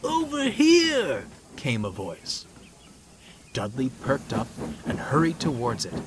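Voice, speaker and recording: Slow, expressive male storyteller. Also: mid-range voice. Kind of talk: storybook narration. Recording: loud background noise.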